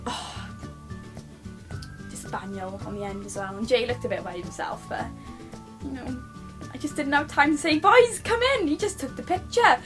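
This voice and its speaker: A woman's voice: fairly high pitch, lively intonation, moderate pace, long pauses, over music. A young British woman telling a personal story to her camera at home, gushing and rambling with lots of restarts. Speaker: vlogger.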